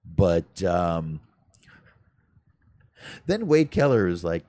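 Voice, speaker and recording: A man's voice: low voice, very animated, moderate pace, darkish tone, no echo. A man co-hosting a podcast in casual chat, rambling and making self-deprecating, salty jokes. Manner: salty, profane humor. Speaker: podcast co-host.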